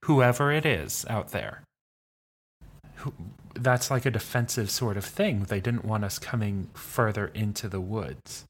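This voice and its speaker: A man's voice: fairly low pitch, measured pace, a little hiss or hum. Rambling man playing a tabletop game. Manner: rambling, many fillers and restarts. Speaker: tabletop player. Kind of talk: casual tabletop role-play chat.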